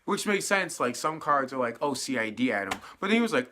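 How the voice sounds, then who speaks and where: A late-teen young man rattles through an episode recap in a loose, sweary, animated way. His pitch swings widely from phrase to phrase. The voice itself sounds bright and a little tense. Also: brisk, slight background noise. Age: late teens. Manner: animated, profane storytelling with fillers. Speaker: TV episode reviewer. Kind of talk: casual spoilery recap.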